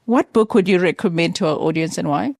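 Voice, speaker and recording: A woman's voice: lowish voice, fairly quick, gravelly, dry recording, studio quality. A woman hosting a casual interview, who asks questions and backs up her guest with frequent yeahs. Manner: warm affirmations, frequent yeahs. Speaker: interview host.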